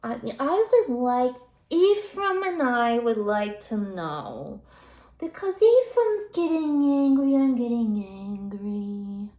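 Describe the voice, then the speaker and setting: A woman doing a slow, meddling old grandmother. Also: on the high side, very animated, dark tone, roomy sound. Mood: nosy. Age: older. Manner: gossipy, drops into whispered asides and sighs. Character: nosy elderly Jewish grandmother, meddling and blunt. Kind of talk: comic character monologue.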